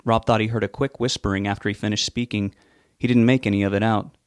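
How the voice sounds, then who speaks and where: A man reading a novel aloud in measured, unhurried scripted narration. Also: lowish voice, flat delivery, smooth, dry recording, studio quality. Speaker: audiobook reader.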